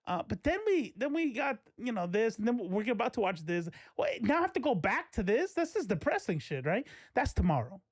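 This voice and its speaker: A man's voice: high voice, big pitch swings, a little fast, few pauses, dry recording, clean studio sound. Rambling, laughing man streamer. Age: 40s. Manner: rambling, laughing, self-interrupting. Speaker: streamer host. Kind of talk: casual live-stream commentary.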